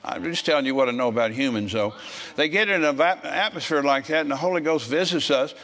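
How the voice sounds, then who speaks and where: A man in his seventies preaching a sermon, telling stories bluntly and growing forceful when he scolds. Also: on the high side, a little fast. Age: 70s. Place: church service with congregation.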